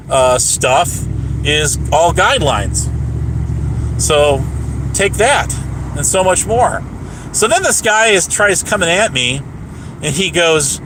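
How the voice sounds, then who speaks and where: A man's voice: on the high side, fairly bright tone, slight background noise. A man ranting on a casual livestream, rambling and profane, with lots of restarts.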